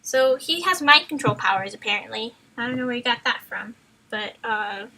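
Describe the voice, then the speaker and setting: A woman streamer reading a book aloud on a live stream, often breaking off to chat and joke. Her voice sits high and sounds bright. She rambles and stumbles over words as she reads. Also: moderate pace, poor audio. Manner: playful, chatty, loses her place in the text. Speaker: streamer, reader.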